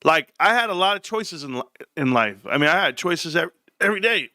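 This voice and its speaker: A brash man hosts a casual livestream, joking with his viewers. His pitch swings wildly from low mutters to high yelps, and his voice is bright and sharp. The sound is dry and close. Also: lively intonation, fairly quick, dry recording. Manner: brash, joking, jumps between low mumbles and high outbursts. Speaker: livestream host.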